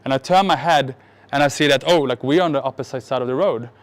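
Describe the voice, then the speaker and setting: A man's voice: medium pitch, fast talker. A man from the Middle East tells a personal story on stage to a live audience, joking and mocking himself, often restarting his sentences. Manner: animated, joking, self-mocking, many restarts. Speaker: speaker at a marketing event.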